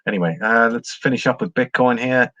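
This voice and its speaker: Man, livestream host, rambling casual chat, mid-pitched voice, dry close sound. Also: a little fast, sharp tone, no echo. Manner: chatty, rambling, reads viewer comments aloud. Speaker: livestream host reading charts.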